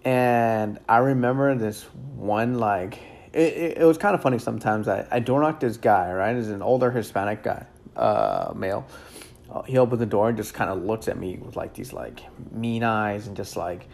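A real estate agent telling stories about his job in a casual, rambling way, full of fillers and repeated words, relaxed and candid with some mild cursing. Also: on the low side, moderate pace, gravelly. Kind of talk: casual storytelling.

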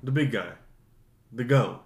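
A man's voice: mid-range voice, a little slow, vocal fry, a little mellow. A young man co-hosting a podcast, cracking goofy, profane jokes in casual chat. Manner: joking, profane, goofy asides. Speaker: podcast co-host. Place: small home podcast studio. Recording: roomy echo.

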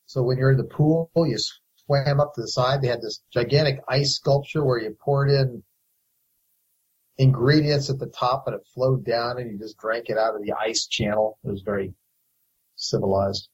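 A husky-voiced man co-hosts a podcast, telling a relaxed, meandering story. His voice has an average pitch. The sound comes through a dull, lo-fi mic. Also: normal speed. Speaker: podcast co-host. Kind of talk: casual chat.

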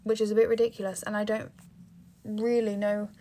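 Slight background noise sits under a teenage English podcaster speaking at a medium pitch, fairly fast, with a warm but flat delivery. Tired-sounding, she rambles in a loose monologue, often restarting and leaning on fillers.

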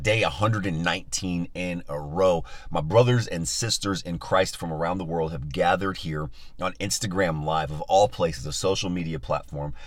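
A man's voice: sits low, a bit bright, dry recording. A male pastor leading a live-streamed Bible study, upbeat and enthusiastic as he chats with his listeners, on a phone mic.

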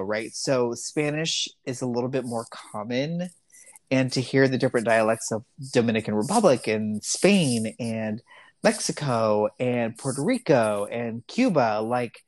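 A man's voice: medium pitch, dry recording. Rambling man in casual podcast chat. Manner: relaxed, rambling, lots of filler "like". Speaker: podcast co-host.

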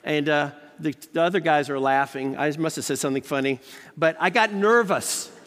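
An American man, a professor, giving a lively chapel sermon full of personal stories. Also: moderate pace. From United States. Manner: animated storyteller, jumps up in pitch when excited. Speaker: professor preaching at a college chapel. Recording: long hall reverb.

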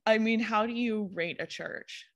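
A woman's voice: on the high side, unhurried, a bit bright. A woman co-hosting a casual podcast chat with wry, dry reactions.

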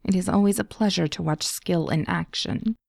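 A stiff, formal alien interrogator, chilling and inhuman in its calm, read by a woman. The voice sits low and gravelly. The tone is dark, the sound dry and close. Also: moderate pace, no echo. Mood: cold.

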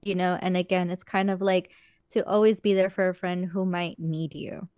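A woman's voice: on the low side, little pitch movement, moderate pace, a little mellow, clean tone, dry recording. A woman chatting casually as a podcast co-host, rambling earnestly with many fillers. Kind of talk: casual chat.

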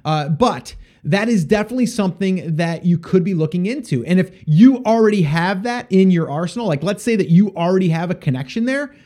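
High-voiced rambling male podcast host. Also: lively intonation, a little fast, few pauses, warm tone. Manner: rambling, with frequent fillers and restarts. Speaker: podcast host answering listener questions. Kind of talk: casual solo podcast advice.

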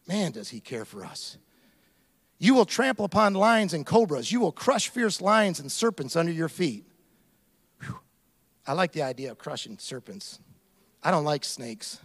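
A man preaching a sermon as a pastor, animated, acting out little scenes and asides as he goes. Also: on the high side, unhurried, creaky.

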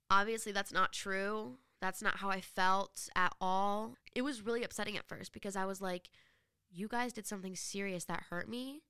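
Chatty teenage girl, bright clear voice. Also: mid-range voice, no echo, studio quality. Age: teens. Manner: chatty, animated retelling with many fillers. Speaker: podcast host. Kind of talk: casual advice monologue.

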